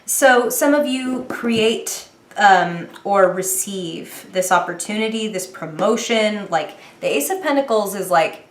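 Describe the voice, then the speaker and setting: A woman's voice: mid-range voice, animated, slow, hardly any pauses. A young woman giving a casual tarot reading straight to her viewers, chatty, with fillers and small laughs. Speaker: tarot reader. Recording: echoey room.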